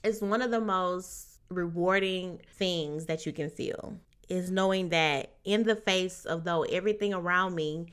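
A woman's voice: on the low side, unhurried, clear, resonant tone. A young adult woman hosting a motivational podcast, talking earnestly and encouragingly and often checking in with "right?". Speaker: podcast host.

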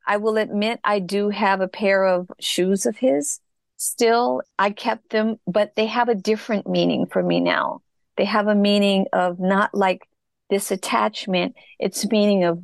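A woman's voice: medium pitch, creaky, no room sound, studio quality. A middle-aged woman telling her personal story as an interview guest, reflective and earnest. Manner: reflective, earnest, slow in places.

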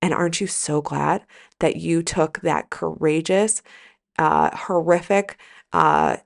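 A woman's voice: sits low, lively intonation, slow, vocal fry. A middle-aged woman hosting her own podcast, giving an emphatic motivational monologue to listeners, swearing freely and repeating lines for emphasis. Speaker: podcast host and coach.

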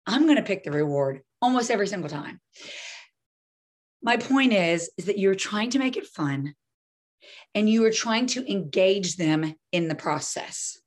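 A woman parenting coach talking through a group coaching session, lively and often acting out scenarios. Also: mid-range voice, measured pace. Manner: lively, acts out scenarios with voices.

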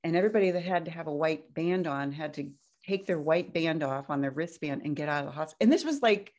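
A woman guest telling a personal story in a casual, animated way, jumping up high when she quotes herself. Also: fast talker. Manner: animated, breaks into high-pitched quoted outbursts.

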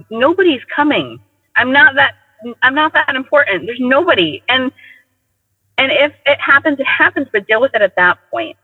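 A man with a notably high voice tells personal stories in an animated, casual way, acting out the voices of others as he goes. The sound comes through a tinny, phone-like line with a long, echoing tail and a dry edge. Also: moderate pace, husky. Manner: animated, acts out quoted dialogue. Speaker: guest sharing personal stories. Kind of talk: casual conversational storytelling.

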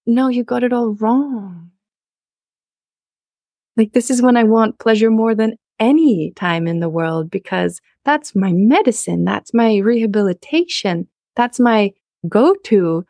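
A woman's voice: fairly high pitch, animated, a little slow, warm tone, dry recording, studio quality. A young woman talking candidly and emphatically in a conversation, frank and outspoken. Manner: frank, emphatic, openly explicit.

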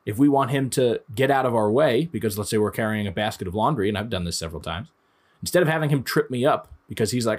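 A man in his thirties talks in an easy, conversational way as he teaches dog training, with a voice of ordinary middle pitch. He explains each point through everyday examples and talks straight to the listener. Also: animated, fast. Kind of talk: instructional talk.

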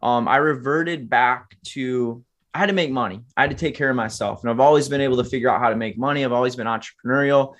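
A man's voice: mid-range voice, fast, a bit bright. Earnest young man telling his story. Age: 20s. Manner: earnest, motivational, addresses listeners as "guys". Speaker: podcast guest, entrepreneur. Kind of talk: candid storytelling interview.

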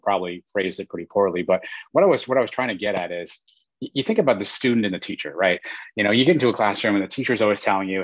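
A man talking fast and rambling as a guest in a casual podcast conversation, often restarting his sentences. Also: lowish voice, no room sound. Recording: dull lo-fi dry sound.

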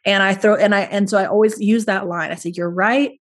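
This is a woman at a middle pitch, guesting on a podcast. She sounds earnest and thoughtful, and her reflections roll on in long, connected runs. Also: fairly even intonation, fast. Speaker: guest, parent talking about parenting. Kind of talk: podcast interview conversation.

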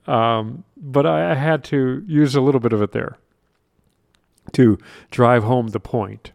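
Man, podcast host, confidence coach, earnest and emphatic, wry asides, mid-pitched voice, dry close sound. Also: creaky, no room sound. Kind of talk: solo podcast monologue.

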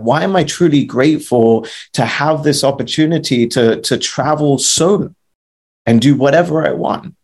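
A man with a mid-range, slightly mellow voice co-hosts a podcast, giving a motivational talk. He coaches listeners using rhetorical questions and casual swearing.

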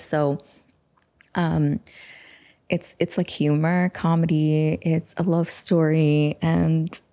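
A woman in her forties from the United States, hosting her own show in a chatty, rambling way and slipping into soft whispered asides. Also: sits low, level tone, unhurried. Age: 40s. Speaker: podcast host. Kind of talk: casual solo talk.

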